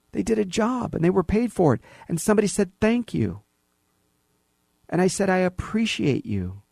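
A man hosting talk radio in a rough, slightly raised voice, opinionated and sarcastic. He acts out little exchanges to make his points. The sound is dry and close, with no room around it. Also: high-pitched, dry recording. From California. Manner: animated, sarcastic, acts out dialogue. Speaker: radio show host. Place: radio studio.

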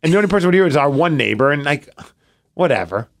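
A man co-hosting a casual podcast, telling long rambling stories. His voice is gravelly and slightly high, and it swings widely in pitch as he talks. He fills his sentences with "like" and restarts. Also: fast. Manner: rambling storyteller, animated, many "like" fillers. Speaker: podcast co-host. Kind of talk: casual chat.

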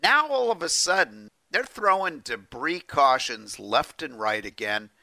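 A man's voice: a little high, unhurried, creaky, dry recording. A man co-hosting a motorsport talk podcast, joking and opinionated in a casual back-and-forth. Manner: animated, jokey, opinionated. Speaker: podcast co-host.

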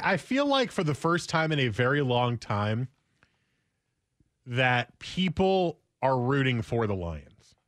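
A man's voice: mid-range voice, fairly bright tone, dry recording, clean studio sound. A man hosting a sports radio show, talking casually and rambling through thoughts with restarts.

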